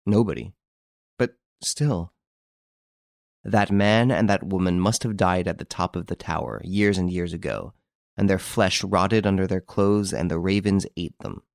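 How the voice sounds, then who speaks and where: A shrewd gentleman investigator, as the narrator puts him on, in a storybook reading, grave and measured, with a low, husky edge. The sound is close and completely dry. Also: no echo. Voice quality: husky, hushed.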